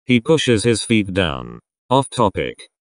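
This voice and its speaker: A young man giving casual reaction commentary in a rambling, sarcastic way with quick asides. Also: lowish voice, big pitch swings, music in the background. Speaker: reaction video host.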